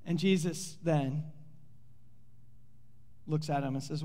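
A man preaching a sermon as pastor, telling the story in an animated way and playfully acting out the characters with sarcasm. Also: on the high side, slow pace. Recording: long hall reverb.

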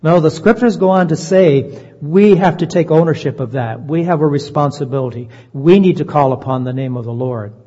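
A man preaching a sermon in an earnest voice, slowing down to stress key phrases. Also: fairly high pitch, dark tone. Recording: dull lo-fi sound, long reverb.

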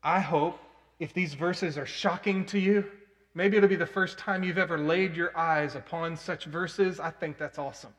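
Earnest preacher in a reverberant hall. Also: male voice, on the high side, fairly even intonation, normal speed. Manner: earnest storytelling preacher with sudden loud emphatic bursts. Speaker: pastor. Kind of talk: sermon.

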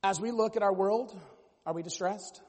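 A man preaching a sermon as pastor, animated and at times mimicking other voices. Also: sits high, moderate pace, big-room sound.

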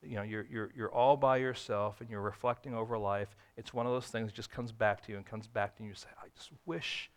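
A man preaching a sermon, swinging between loud emphatic bursts and hushed, tender lines, acting out quoted dialogue in a folksy, conversational way. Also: on the low side, steady tone, fast talker, few pauses, smooth. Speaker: pastor.

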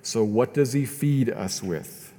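A man's voice: mid-range voice, slow, creaky, dark tone, long reverb tail. A man preaching a sermon as pastor, earnest and often repeating words as he builds his points.

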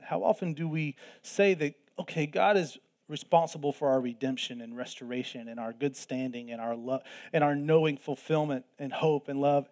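A man's voice: fairly high pitch, darkish tone. A man preaching a sermon in an earnest way, repeating phrases for emphasis. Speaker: pastor.

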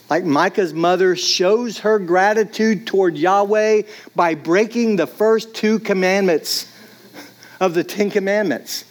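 A man's voice: high voice, takes it slowly. A man preaching a sermon in a casual, conversational way, often saying "like". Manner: casual, conversational, many "like"s, acts out voices. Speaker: pastor.

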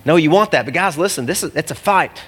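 Male pastor, animated sermon, higher voice, reverberant church hall. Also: quick pace, slightly rough. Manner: animated, jokey, acts out the people in the story.

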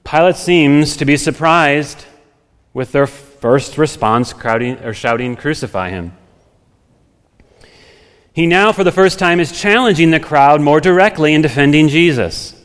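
A man's voice: fairly high pitch, moderate pace, clean tone. A man preaching a sermon as pastor, talking it through in a conversational way with everyday examples from home. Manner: conversational, thinks aloud with homely examples. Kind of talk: expository sermon. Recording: long hall reverb.

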